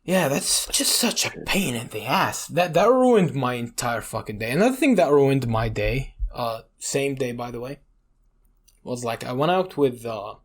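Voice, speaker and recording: A man's voice: medium pitch, very animated, a little slow, breathy edge. A young man from Iraq co-hosting a podcast, telling stories in a rambling, swear-filled way and leaning on "you know". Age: young adult. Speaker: podcast co-host. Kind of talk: casual chat.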